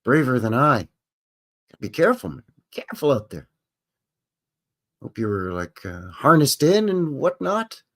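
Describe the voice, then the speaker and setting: A man's voice: mid-range voice, sing-song, unhurried, pauses often. A man hosting a casual livestream, rambling and joking as he acts out little voices. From Canada. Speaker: livestream host.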